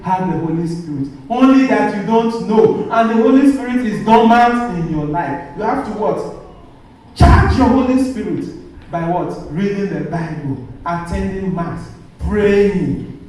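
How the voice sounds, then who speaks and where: A man's voice: high voice, mellow, slight background noise. A man, a Catholic priest, preaching a sermon and quizzing his congregation with call-and-response questions. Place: church. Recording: echoey church from far off.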